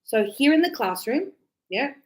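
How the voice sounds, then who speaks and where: A woman's voice: high voice, low-quality recording. A woman teaching an English class in a classroom, acting out little dialogues and checking in with her students often. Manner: lively, acts out student dialogues with quick questions. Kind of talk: classroom lesson.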